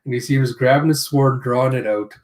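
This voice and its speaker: A man's voice: medium pitch, fairly even intonation, darkish tone. Guy casually going through a comic chapter panel by panel, dry little asides. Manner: narrates panels, slips into quick character voices. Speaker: manga reviewer.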